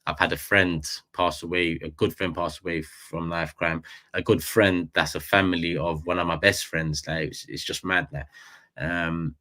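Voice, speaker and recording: A man with a London accent, his voice sitting on the low side. He chats on a livestream in a loose, slangy way, repeating lines and often jumping up in pitch and volume. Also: moderate pace. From England. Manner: animated, repeats phrases, slangy. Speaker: livestream host. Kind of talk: casual livestream chat.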